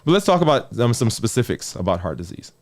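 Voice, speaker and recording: A physician gives a conversational health talk at a quick pace, his pitch lively and animated, often dropping low and soft on key words for emphasis. He checks in with the listener repeatedly and repeats phrases to hammer points home.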